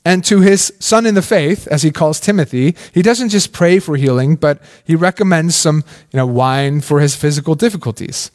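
A man delivers a sermon in a relaxed, conversational way. His voice sits a little high for a man, and he keeps stopping to ask questions, with plenty of "like" along the way. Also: moderate pace, hardly any pauses. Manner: conversational, questioning, with many "like" fillers. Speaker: pastor.

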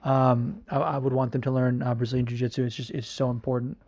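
A man's voice: mid-range voice, level tone, fast, darkish tone, breathy edge, no echo. Rambling casual podcast man, dry sound. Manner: rambling, many fillers, swears. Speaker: podcast host. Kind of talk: casual chat.

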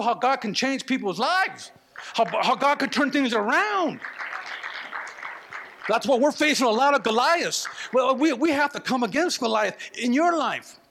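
A man preaching a sermon, animated, with slangy asides and acted-out quotes. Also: extremely high pitch, gravelly. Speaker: pastor.

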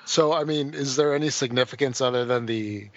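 A man's voice: mid-range voice, a little fast, dry recording. A man hosting a podcast, chatting casually and playfully joking with his co-hosts. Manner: jokey, playful. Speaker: podcast host. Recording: dull lo-fi podcast audio.

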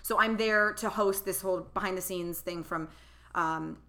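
A woman in her thirties tells a personal story as a podcast guest, her voice bright and forward. She chats casually and acts out the people she quotes. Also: fairly low pitch, moderate pace. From California.

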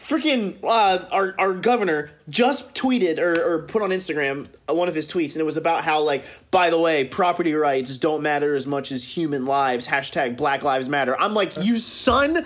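A man's voice: a little high, normal speed, hardly any pauses. A young man co-hosting a podcast, ranting angrily in casual chat and mock-quoting people. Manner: angry ranting, swears, mock-quotes others. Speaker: podcast co-host.

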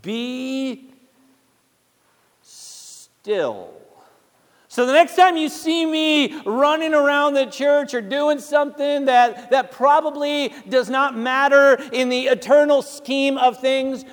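A man's voice: very high-pitched, in a large hall. A male pastor preaching a sermon in a church, speaking conversationally and calling out to the congregation for responses. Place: church sanctuary.

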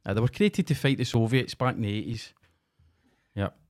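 A man's voice: medium pitch, expressive, normal speed, darkish tone. A middle-aged man, co-hosting a casual podcast with sweary, laughing banter. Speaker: podcast co-host.

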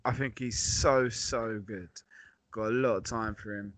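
A man co-hosting a podcast, talking sport in an animated, chatty way with jokey asides. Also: on the low side, a little slow, slight background noise. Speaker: podcast co-host. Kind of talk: casual sports chat.

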